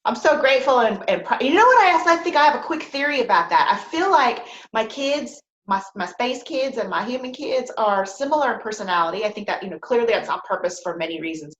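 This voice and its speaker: A woman hosting a podcast in casual chat, animated and laughing often. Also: a little high, fast talker, few pauses, reverberant, highs cut off. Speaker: podcast host.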